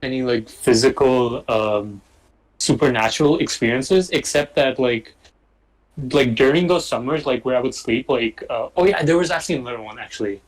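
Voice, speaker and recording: A young man telling a story in casual chat over a remote call, rambling and filling every pause with "like". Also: mid-range voice, poor audio. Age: young adult. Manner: rambling, full of "like" fillers.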